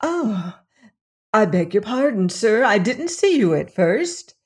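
A woman voicing a prim, polite young housemaid who speaks respectfully and a little higher. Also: big pitch swings, slow.

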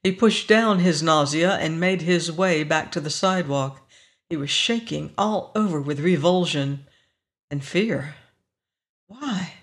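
Slow, measured audiobook narrator. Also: medium pitch. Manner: slow, measured, even reading. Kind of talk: scripted story narration.

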